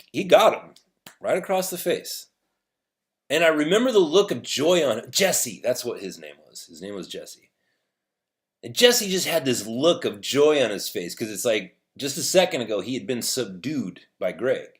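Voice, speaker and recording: A man hosting an opinion show, telling a rambling story with restarts and sarcastic jabs. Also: medium pitch. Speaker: podcast host.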